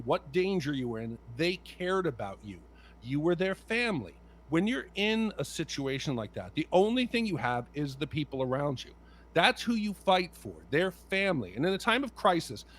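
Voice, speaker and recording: A man's voice: sits high, a bit bright. A man co-hosting a casual movie podcast, talking passionately and bluntly, swearing freely. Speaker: podcast co-host.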